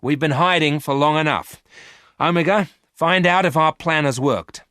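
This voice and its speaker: Greedy female space thief for an audiobook, sharp and shrill, read by a man. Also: moderate pace, dry recording, studio quality. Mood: impatient.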